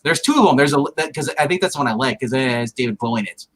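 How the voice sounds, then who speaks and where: A relaxed man from Ohio dropping into a live stream to swap movie picks. He talks loosely and jokingly, tossing in "man" and "dude", at an ordinary middle pitch. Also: very fast. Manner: laid-back, joking, says "man" and "dude" often. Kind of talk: casual chat.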